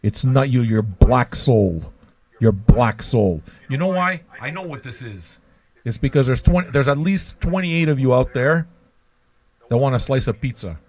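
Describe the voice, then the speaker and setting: A man's voice: mid-range voice, lively intonation, moderate pace, darkish tone. Rambling, profane male show host. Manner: rambling, mocking, profane, repeats himself. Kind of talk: profane ranting livestream monologue.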